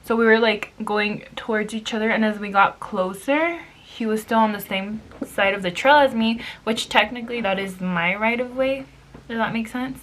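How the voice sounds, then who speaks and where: Young woman beauty vlogger, bright-toned, chatty storyteller who swears and mixes in Spanish. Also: fairly high pitch, normal speed. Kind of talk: casual storytime while doing makeup.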